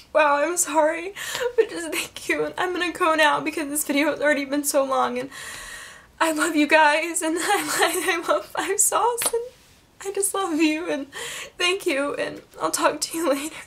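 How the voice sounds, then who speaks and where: A teenage girl vlogging, gushing with many fillers and close to tears. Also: high voice. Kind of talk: emotional casual vlog.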